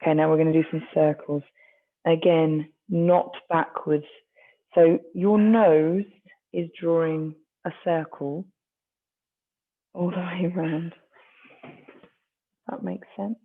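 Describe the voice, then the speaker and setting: A stretching instructor leads a class in a gentle, encouraging way, with a gravelly edge to the voice. The recording sounds thin and tinny, like a phone line. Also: medium pitch, steady tone, slow, long pauses. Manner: gentle, encouraging, with light self-mocking asides.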